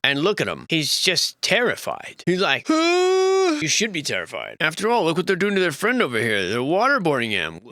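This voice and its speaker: A man's voice: on the high side, huge pitch swings, brisk, few pauses, pushed and bright, dry recording, clean studio sound. A man giving comedic commentary in a mock-serious tour-guide manner, full of sarcastic joking asides. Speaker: host.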